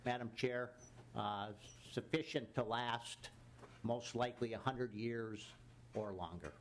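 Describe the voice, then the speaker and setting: A man's voice: medium pitch, slow pace, a little hiss or hum. Hesitant man answering at a hearing. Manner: hesitant, many filler sounds, addresses the chair. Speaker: expert answering a legislator's question. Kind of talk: formal hearing testimony. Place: legislative committee hearing room.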